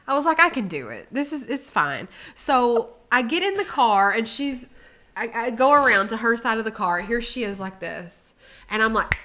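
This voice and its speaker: A woman co-hosting a casual chat, telling a story with lively acted-out quotes that rise in volume. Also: fairly high pitch, normal speed. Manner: animated, acts out quotes with rising volume. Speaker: co-host.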